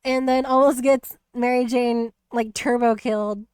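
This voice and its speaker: A woman's voice: a little high, fairly even intonation, a little slow, darkish tone, clear, resonant tone, no echo, studio quality. A woman hosting a stream, chatting casually about a video game and retelling scenes with many restarts. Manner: rambling, many restarts, laughs easily. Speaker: streamer host.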